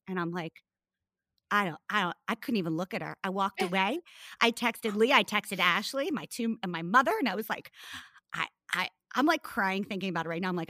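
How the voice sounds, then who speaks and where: A woman's voice: medium pitch, fairly quick, no room sound, clean studio sound. A woman in her thirties, a mother, chatting casually and telling stories with lots of animation and swearing. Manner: animated storytelling, swearing, acting out quotes. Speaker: mother and guest. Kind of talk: casual chat.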